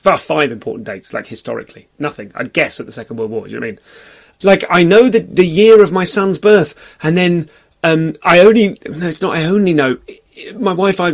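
A man in his forties, a comedian on a podcast, chatting casually in a rambling, self-deprecating way and briefly acting out the voices of people he quotes. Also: medium pitch.

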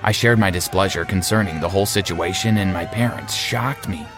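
Low-voiced young man narrating a story. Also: a little fast, over music. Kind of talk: first-person story narration.

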